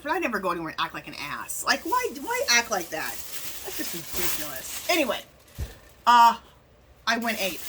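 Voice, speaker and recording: Chatty bright-voiced woman vlogger. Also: on the high side, slight background noise, rough recording. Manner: chatty, rambling storyteller with many restarts. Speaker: craft vlogger. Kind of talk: casual haul vlog chat.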